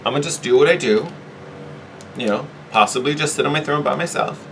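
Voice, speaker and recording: A man acting out a confident, unhurried queen who calmly expects good things to come to her. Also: medium pitch, background noise, pitched above the performer's own voice, lightly acted. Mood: serene. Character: confident regal queen, female, unhurried and self-assured.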